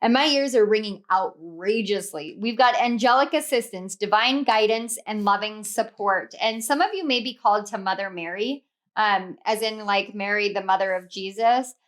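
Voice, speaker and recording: A woman's voice: mid-range voice, normal speed. A young woman giving a casual tarot reading, emotional and gushing, laughing often as she goes. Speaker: tarot reader.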